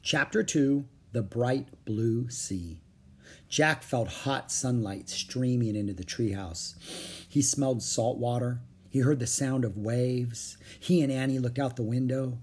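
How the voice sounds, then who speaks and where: A man reading a children's chapter book aloud with expressive, varied intonation. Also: mid-range voice, slow, slightly rough. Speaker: audiobook narrator.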